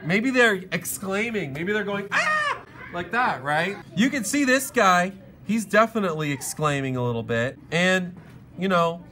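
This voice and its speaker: A man's voice: high-pitched, slight background noise. A man teaching a class how to draw facial expressions, chatting casually as he sketches and acting out the faces himself. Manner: lively, chatty, talks while sketching, acts out faces. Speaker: art teacher. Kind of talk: live drawing lesson to a class.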